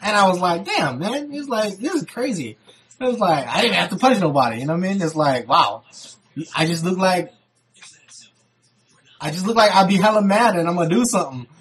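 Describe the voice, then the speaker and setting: A man's voice: high voice, fairly quick, pauses often. Young man telling stories with slang. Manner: animated retelling, acting out quotes, heavy slang and swearing. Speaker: vlogger. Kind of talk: casual storytelling.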